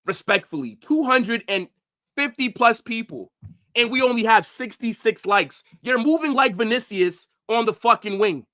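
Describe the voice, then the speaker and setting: A man ranting angrily on a football livestream, profane, swinging from shouts to low mutters. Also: animated, normal speed. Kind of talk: livestream rant.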